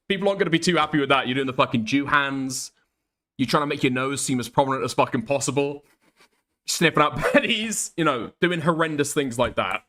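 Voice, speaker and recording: Young man, streamer, casual rant, profane, emphatic, bright voice. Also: on the high side, a little fast. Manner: profane, emphatic, repeats "okay?" to press points. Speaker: streamer reacting to clips. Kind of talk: casual ranting commentary.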